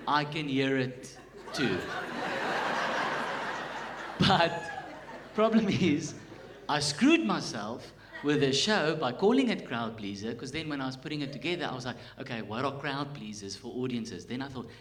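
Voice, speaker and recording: A man's voice: mid-range voice, expressive, unhurried, pauses often, fairly bright tone. A South African man doing a chatty, self-mocking stand-up comedy set on a theatre stage. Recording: echoey live theatre with crowd. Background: audience laughter.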